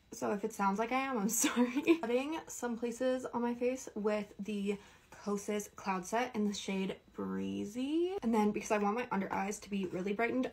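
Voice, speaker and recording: A young woman from Canada talks through her makeup routine in a casual, rambling tone. Her voice has a slightly breathy, husky texture. It sits at an ordinary middle pitch for a woman. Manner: chatty, rambling, upbeat product talk. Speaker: beauty creator. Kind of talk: casual makeup tutorial chat.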